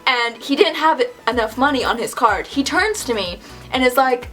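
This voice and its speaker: A young woman tells a story straight to camera in a slightly high voice, scattering "like" through every sentence. She is animated and exasperated. Faint music plays in the background. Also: normal speed. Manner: chatty, filler-heavy with frequent "like". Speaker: vlogger. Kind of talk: casual storytime chat.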